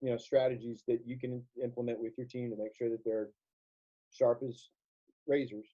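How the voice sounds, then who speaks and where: A man's voice: medium pitch, flat delivery, normal speed, mellow. A man hosting an interview as a sales coach, reflective and affirming, asking his guest for the next point. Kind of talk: conversational interview. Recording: dull lo-fi sound.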